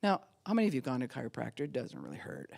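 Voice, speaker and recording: A woman pastor preaching a sermon in an animated way, laughing often and acting out the voices she quotes. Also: extremely low pitch, racing, gravelly.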